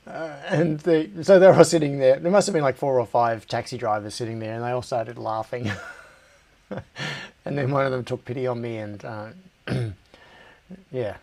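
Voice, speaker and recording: A middle-aged Australian man hosts a casual live stream in a mid-range, slightly mellow voice. He chats while working, thinking aloud, getting distracted and laughing often.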